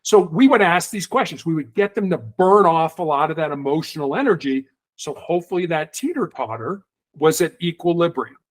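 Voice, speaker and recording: A middle-aged man, a guest in an interview, telling stories in a lively conversational way and acting out the people he quotes. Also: on the high side, fairly quick. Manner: animated, acts out quoted voices. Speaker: guest, former hostage negotiator.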